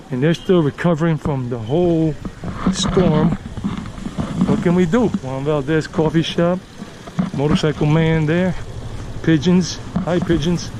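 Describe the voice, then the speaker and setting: A man rambles through a casual walking tour of city streets, repeating himself as he points things out. His voice sits a little high, and it is recorded on a handheld camera mic. Passing cars and the noise of the street come through clearly behind him. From United States. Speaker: tour guide vlogger. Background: city traffic and street ambience.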